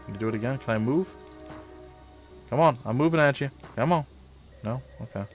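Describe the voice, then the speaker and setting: A young man casually commenting on his own gameplay, chatty and self-mocking, with sudden loud outbursts. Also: medium pitch, fairly quick, lo-fi sound, soft background music. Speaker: let's play gamer.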